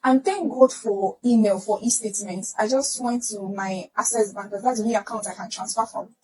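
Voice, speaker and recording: A woman's voice: mid-range voice, fairly quick, crowd noise, poor audio. A young Nigerian woman telling a personal story to camera, acting out the voices of the people in it. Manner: animated, acts out voices in the retelling.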